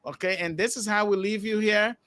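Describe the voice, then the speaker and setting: A male podcast host from Liberia, closing the show with announcements and thanks, halting with many fillers. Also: high-pitched, steady tone, crowd noise.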